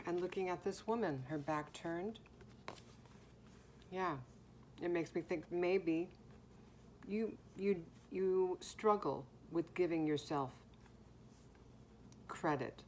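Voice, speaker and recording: Slow, reflective woman reading tarot cards. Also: fairly low pitch, a little hiss or hum. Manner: slow, reflective, pausing, soft hums. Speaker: tarot card reader. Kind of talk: intuitive card reading to viewers.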